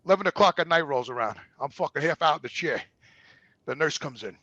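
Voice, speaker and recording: A man's voice: fairly high pitch, animated, quick pace, sharp tone, no room sound, muffled recording. A man telling a story casually, swearing constantly and acting out the voices of the people in it. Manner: profane, emphatic, acts out quoted voices. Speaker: guest storyteller.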